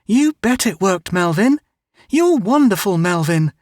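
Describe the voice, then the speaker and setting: A man voicing an emotional young girl in a storybook reading, raising his voice high and breathless. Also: big pitch swings, a little slow, no room sound, clean studio sound. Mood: earnest.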